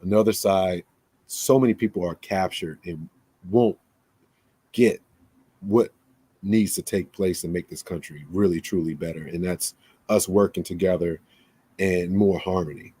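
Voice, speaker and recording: A man's voice: low voice, a little slow, pauses often, warm tone, husky. A man hosting a casual monologue, rambling and often correcting himself mid-sentence. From United States. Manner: rambling, self-correcting, conversational. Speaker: podcast host.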